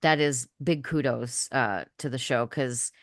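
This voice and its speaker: A woman with a notably low voice talks on a podcast panel, open and effusive, with plenty of casual swearing. Her voice sounds dry and close, with no room around it. She works as a radio host. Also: a little slow, no room sound. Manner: candid, effusive, swears freely.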